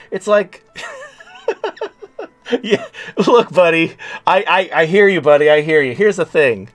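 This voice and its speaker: A man's voice: high voice, big pitch swings, unhurried, pauses often. A man in his late thirties hosting a talk show, ranting in a blunt, sarcastic and profane way. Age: late 30s. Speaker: podcast host. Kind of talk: casual talk-show rant.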